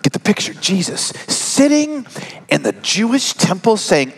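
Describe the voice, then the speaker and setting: A middle-aged man preaching a sermon, joking with the congregation and swinging from loud emphasis down to hushed whispers. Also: high voice, very animated, unhurried, breathy edge. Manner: conversational, joking asides to the congregation. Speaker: pastor. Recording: long reverb of a large hall.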